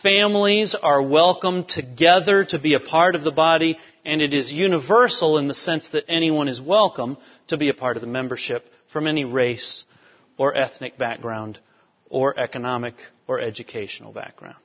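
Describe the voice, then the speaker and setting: A man with a fairly high voice preaches a sermon at normal speed, emphatic and repeating key phrases to drive them home. The recording is dull and lo-fi, with long hall reverb.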